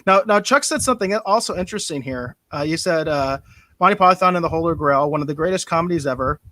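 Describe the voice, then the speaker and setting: A man's voice: on the high side, animated, quick pace, sharp tone, no echo. A man co-hosting a pop culture podcast, chatting casually, chuckling often and repeating words as he starts sentences. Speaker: podcast co-host. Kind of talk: casual chat.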